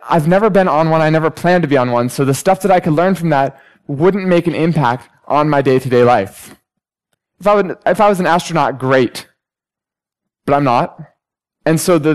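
Smooth-voiced young male preacher. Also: on the high side, low-quality recording. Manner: storytelling, animated when acting out conversations. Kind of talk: sermon with personal anecdotes.

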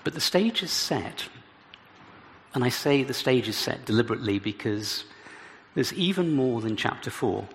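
A man's voice: mid-range voice, animated, normal speed. A man preaching an expository sermon, reading scripture aloud and adding dramatic emphasis as he explains it. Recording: reverberant hall with faint background noise.

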